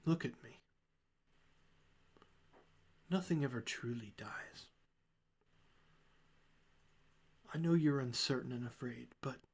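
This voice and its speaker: A man voicing a regal, mystic female humanoid creature in a tabletop game, speaking softly and hushed. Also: medium pitch, fairly even intonation, measured pace. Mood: gentle, soothing. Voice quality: soft and hushed, near whisper. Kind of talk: tabletop game role-play.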